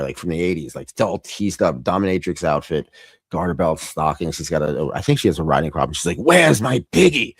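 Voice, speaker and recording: Low-voiced rambling male host. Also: a little mellow, no echo, studio quality. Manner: rambling, laughs often, trails off and restarts. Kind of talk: casual podcast chat about films.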